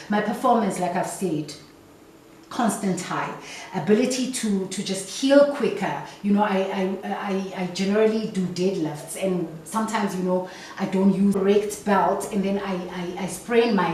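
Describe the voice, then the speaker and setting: A South African woman talks casually to her camera, chatty and lively, and sometimes mimics the people she quotes. Her voice sounds set back from the mic in a very echoey room. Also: mid-range voice, distant mic, a little hiss or hum. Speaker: vlogger.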